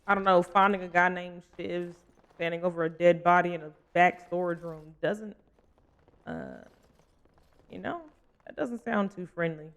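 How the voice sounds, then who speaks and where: A man's voice: high voice, expressive, unhurried, gravelly, a bit bright. A man streaming a role-playing game, rambling and joking while he chats with his viewers. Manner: rambling and joking, talks to chat. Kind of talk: casual gaming livestream commentary.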